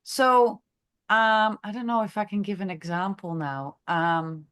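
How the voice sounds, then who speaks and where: A woman who is a chiropractor, leading a masterclass discussion in an unscripted, halting way, thinking aloud with many fillers and restarts. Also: mid-range voice, steady tone, a bit bright, clean tone. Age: adult, has a grown daughter. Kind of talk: unscripted teaching talk.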